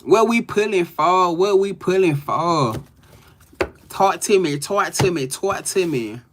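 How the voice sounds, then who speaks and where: This man's voice sits high and moves a little slowly against a noisy background. He's running a casual live-stream tarot reading, loose and slangy, greeting chat viewers by name and laughing often.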